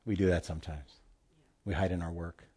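A man's voice: deep voice, fairly even intonation, brisk, slightly rough. Emphatic male preacher. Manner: emphatic, swings between loud and soft; addresses the congregation directly. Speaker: pastor. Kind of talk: sermon.

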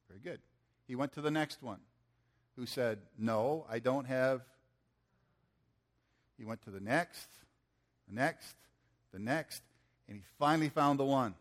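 A middle-aged man preaching, telling a folksy story and acting out the people in it. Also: mid-range voice. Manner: folksy, animated storytelling with acted-out quotes. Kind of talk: sermon storytelling.

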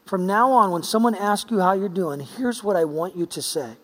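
A man's voice: high voice, moderate pace, a bit bright. A man voicing a cheerful middle-aged man who insistently coaches his mother, in a church hall. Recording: long church-hall reverb.

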